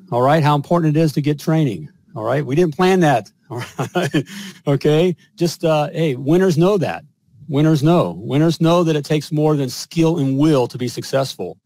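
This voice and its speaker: A man's voice: mid-range voice, darkish tone, no room sound. A male show host and business coach who talks emphatically, often tagging lines with "all right?" and "you know". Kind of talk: host conversation and spoken sponsor pitch.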